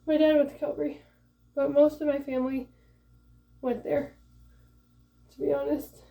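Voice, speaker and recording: A young woman from Michigan, a first-time mom, casually telling a story in a chatty, animated way, acting out the voices of the people in it. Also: sits high, normal speed, vocal fry, far from the mic. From Michigan, USA. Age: young adult. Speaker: vlogger. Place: home, late at night.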